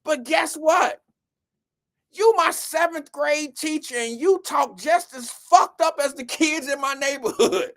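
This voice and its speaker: A live show host tells a profane comedic rant. The delivery is animated and swings between loud outbursts and low, quick mutters, with the audience addressed directly as "y'all.".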